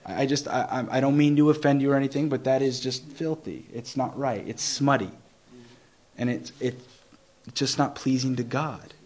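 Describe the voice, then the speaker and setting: A young man giving an informal Bible teaching, earnest and conversational, often restarting phrases and slowing down to stress scripture. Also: medium pitch, a little mellow. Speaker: preacher.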